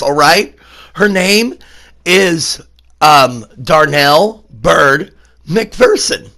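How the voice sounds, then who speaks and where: A man with a sick, rough voice doing casual vlog commentary, mock-serious and stumbling over names with lots of fillers. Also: on the high side, animated, very slow, pushed and bright. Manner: mock-serious, breaks into disbelief. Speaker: YouTuber.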